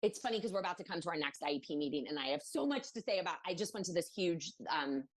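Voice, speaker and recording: Speaking quickly in a fairly low voice, a Maryland woman guests on a podcast and tells a personal story in a casual interview. She's animated, voices what other people said, and uses lots of fillers.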